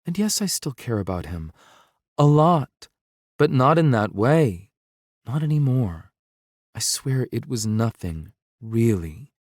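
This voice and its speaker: A man voicing a gentle young woman in an audiobook, speaking softly and earnestly. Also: mid-range voice, sing-song, slow pace, no echo, studio quality. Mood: tender, pleading.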